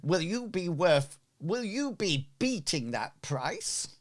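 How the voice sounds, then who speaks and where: A man's voice: high voice, sing-song, takes it slowly, pitched above the performer's own voice, full character voice. A man voicing a haughty male merchant who takes offense easily and talks down to strangers. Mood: dismissive. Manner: indignant, sniffy.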